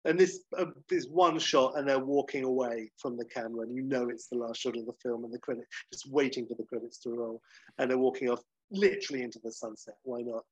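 A man co-hosting a podcast, telling a comic sequel plot in a casual, animated way. He jumps into the characters' lines and laughs often. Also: mid-range voice, fast, slightly rough, no room sound, lo-fi sound. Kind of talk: casual comedic storytelling.

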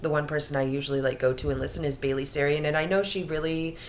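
A woman's voice: low-pitched, steady tone, quick pace. A woman co-hosting a podcast, talking in an easygoing, thoughtful way with fillers. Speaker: podcast co-host. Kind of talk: casual chat. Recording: roomy echo, faint noise.

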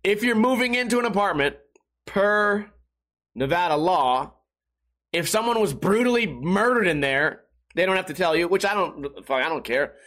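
A man's voice: high-pitched, animated, moderate pace, a bit bright. A man hosting a casual solo podcast, rambling in a profane, sarcastic, self-mocking way. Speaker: podcast host.

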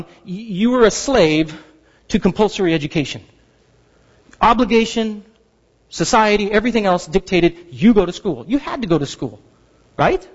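A man in his thirties preaching a sermon as pastor, telling stories with animated, playful outbursts. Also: high voice. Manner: animated storytelling, acts out frustration with loud outbursts. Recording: dull sound with long hall reverb.

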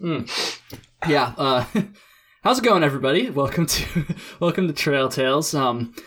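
A man's voice: on the high side, lively intonation, a little slow, fairly bright tone. Laid-back young man hosting a podcast. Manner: laid-back, laughs often, many fillers and restarts. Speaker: podcast host. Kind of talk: casual podcast interview.

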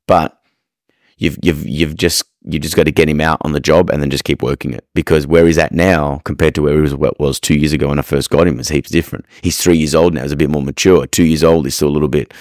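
A man's voice: a bass voice, fairly even intonation, fast talker, darkish tone, no echo, clean studio sound. A man hosting a podcast, giving frank, rambling advice on dog training and restarting his sentences often. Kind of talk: casual advice monologue.

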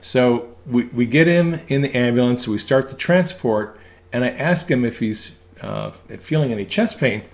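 A man's voice: mid-range voice, normal speed, vocal fry. A man, an ambulance medic, giving a casual religious teaching talk, hesitating with frequent ums and restarts. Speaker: ambulance medic speaking on faith.

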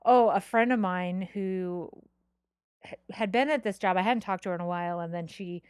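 A woman's voice: lowish voice, moderate pace, a little mellow, smooth, dry recording. Laughing, swearing woman podcast co-host. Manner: laughs often, rambling and swearing. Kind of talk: casual chat.

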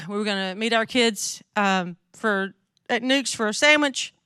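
A Southern-accented woman in middle age preaches a conversational sermon to a women's gathering, speaking candidly and chattily while asking the audience questions. Her mid-range voice is bright, forceful, clear and resonant, at a measured pace, fitting a women's ministry speaker. Studio quality, no echo.

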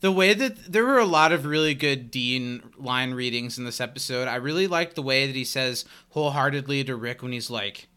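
A man's voice: mid-range voice, brisk, few pauses, bright, forceful tone, smooth. A man co-hosting a podcast, chatting casually about a TV episode and laughing easily. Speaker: podcast co-host.

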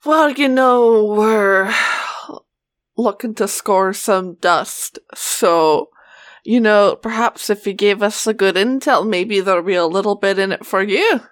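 A woman's voice: mid-range voice, slow pace, lightly acted. A woman playing a sly young female adventurer who bargains in a coy, wheedling way in a tabletop game.

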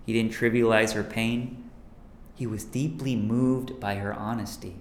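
A man preaching a sermon as pastor, earnest, dropping to a hush on key lines. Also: lowish voice, fairly even intonation, measured pace, echoey room, a little hiss or hum.

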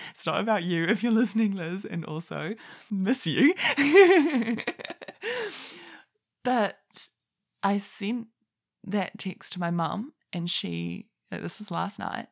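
A woman's voice: lowish voice, vocal fry. A young woman hosting a podcast in a casual solo monologue, rambling and chatty, often breaking off mid-sentence and laughing at herself. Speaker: podcast host.

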